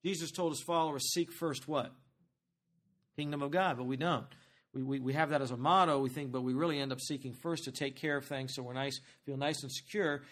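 A man preaching a sermon as pastor, talking to the congregation in a conversational, animated way and asking them questions. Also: mid-range voice, brisk.

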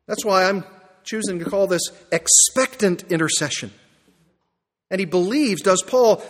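A man preaching a sermon with an emphatic delivery, rising to excited peaks and then dropping quiet. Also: high voice. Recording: long reverb hall.

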